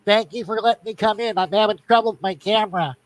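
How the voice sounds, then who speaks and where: A man joining a casual online chat as a guest, joking and relaxed, hesitating with uhs. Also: high-pitched, quick pace, dry recording. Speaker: guest caller on a stream.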